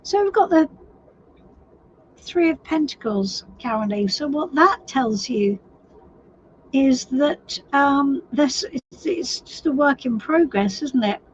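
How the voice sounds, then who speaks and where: Slow-talking, gentle woman tarot reader. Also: fairly high pitch, slightly rough. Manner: chatty, hesitant restarts, gently sympathetic. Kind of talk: live tarot reading for viewers. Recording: slightly dull lo-fi stream audio with faint noise.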